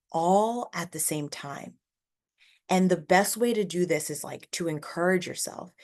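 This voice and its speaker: A woman hosting a solo motivational podcast, talking casually and earnestly with lots of "like" fillers and rambling asides. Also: fairly low pitch. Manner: earnest and encouraging. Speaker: podcast host.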